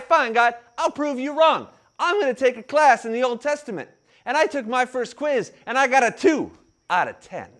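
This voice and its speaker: A man in his thirties delivers a sermon in a high, very lively voice that rises and falls with each turn of his story. He has a mild stutter and takes deep breaths to keep it in check. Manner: animated storytelling, acts out quotes. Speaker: pastor. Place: room with an audience.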